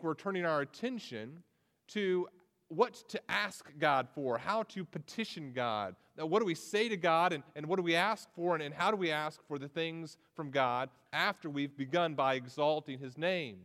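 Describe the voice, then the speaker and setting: A man's voice: fairly high pitch, fairly bright tone, long reverb tail. A man in his thirties preaching a sermon as pastor, conversational and prone to repeating words as he starts a phrase.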